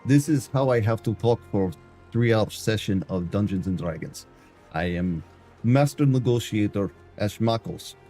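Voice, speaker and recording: A man putting on a bad Eastern European accent to play a boastful male negotiator from his Dungeons and Dragons game. He talks in deadpan, broken grammar on a live stream. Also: lowish voice, moderate pace, soft background music. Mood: mock-serious. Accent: put-on bad Eastern European.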